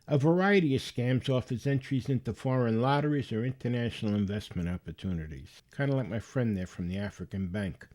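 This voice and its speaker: Male podcast host, mid-pitched, folksy, wry, casual storyteller. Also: a little mellow.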